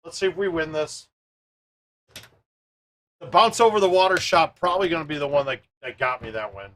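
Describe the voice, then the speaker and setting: High-pitched guy streaming a golf game, chatty, greets chat by name. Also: moderate pace. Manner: chatty, greets viewers by name, thinks out loud. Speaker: live stream host playing a golf arcade game. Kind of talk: casual live-stream commentary.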